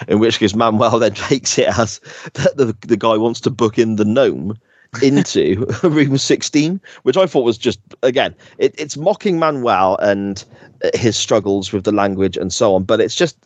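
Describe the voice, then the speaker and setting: A man's voice: lowish voice, normal speed, no echo, highs cut off. A man hosting a podcast, rambling through sitcom scenes with hesitant restarts. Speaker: podcast host. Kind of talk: casual chat.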